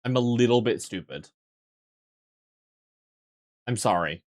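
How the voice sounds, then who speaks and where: A man's voice: on the low side, animated, slow pace, a little mellow, no room sound, clean studio sound. A man streaming a video game, rambling in casual commentary, swearing freely and poking fun at himself.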